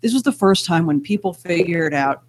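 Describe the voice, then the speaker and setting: A man co-hosting a casual podcast who laughs often and drops quick jokey asides. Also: fairly high pitch, animated. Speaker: podcast co-host. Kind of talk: casual chat.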